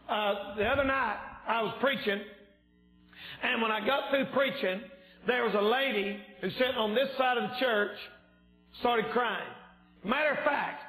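A man preaching a fervent revival sermon in a church, shouting and yelling as he preaches, his voice a little strained. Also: extremely high pitch, echoey room, low-quality recording. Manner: yells and shouts when preaching. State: slightly strained voice. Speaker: evangelist preacher. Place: church sanctuary.

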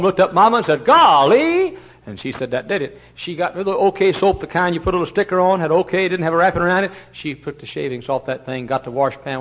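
An older man preaching a sermon, swinging from loud impassioned cries to hushed, tender storytelling. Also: a little high. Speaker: pastor. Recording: dull lo-fi sermon recording.

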